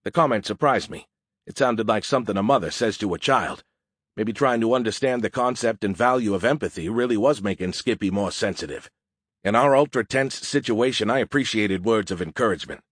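A man narrating a first-person audiobook in an even, matter-of-fact way. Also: fairly low pitch, a little fast, no room sound, clean studio sound.

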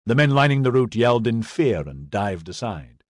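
A man giving a scripted audiobook narration in a steady, even storytelling manner. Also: mid-range voice, moderate pace, no echo, clean studio sound.

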